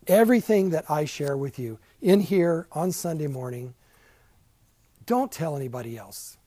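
A man's voice: a little high, lively intonation, moderate pace, warm tone, slight background noise, low-quality recording. An older man teaching a casual Bible class in a church classroom, chatty and self-deprecating, with many asides.

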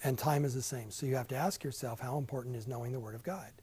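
Husky older man teaching a Bible class. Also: medium pitch, steady tone, quick pace, darkish tone, low-quality recording. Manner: chatty and self-deprecating, with asides. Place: church classroom.

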